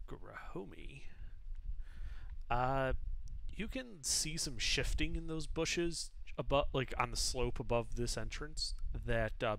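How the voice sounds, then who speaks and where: A man narrating as game master of a tabletop game, describing scenes in a descriptive, unhurried way. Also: medium pitch, creaky, fairly bright tone, low-quality recording.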